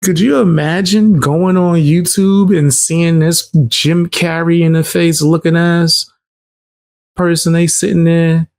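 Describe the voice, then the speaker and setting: A man's voice: fairly high pitch, level tone, slow, a little mellow. A man doing casual reaction commentary, blunt and scoffing, full of slang.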